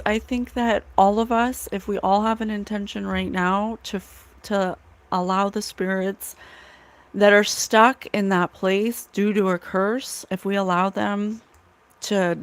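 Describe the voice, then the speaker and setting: A woman's voice: medium pitch, little pitch movement, measured pace. A woman hosting a livestream as a psychic medium, channeling spirits in an emotional, earnest way and laughing often.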